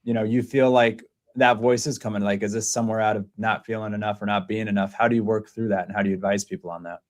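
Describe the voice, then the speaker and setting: A man hosting a casual interview podcast, retelling stories with lively quoted voices. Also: fast. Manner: animated storyteller, voices quotes in a high excited tone. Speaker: podcast host.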